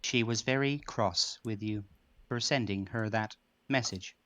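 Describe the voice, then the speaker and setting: A man's voice: fairly low pitch, unhurried, fairly bright tone, no echo. A man role-playing a character at a tabletop game, speaking in a formal, stiff manner. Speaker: player.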